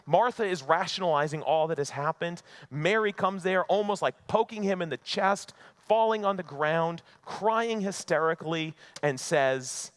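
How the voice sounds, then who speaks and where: A male pastor preaching a sermon in an earnest way, moving between emphatic lines and hushed ones. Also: fairly high pitch, moderate pace, hardly any pauses.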